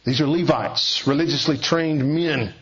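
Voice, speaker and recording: A man's voice: measured pace, slightly rough. A man preaching an expository sermon, emphatic, reading scripture aloud and swinging his voice up and down for quoted speech. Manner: emphatic, shifts pitch widely for quoted speech. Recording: dull lo-fi recording.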